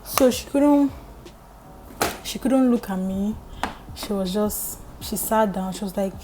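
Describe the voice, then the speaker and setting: Animated Nigerian woman telling a story. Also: mid-range voice, takes it slowly, noisy background. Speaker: vlogger. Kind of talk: storytime chat.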